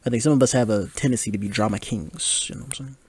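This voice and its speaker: A podcast host in his twenties offers casual movie commentary, chatty and laughing often, with lots of filler words. He talks rapid-fire in a lowish, slightly rough, somewhat mellow voice.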